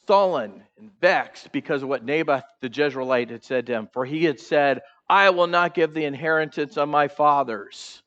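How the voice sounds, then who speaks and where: A male pastor preaching a sermon, animated, acting out the characters' voices and putting questions to the congregation in a church. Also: on the high side, moderate pace, few pauses, lo-fi sound. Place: church sanctuary.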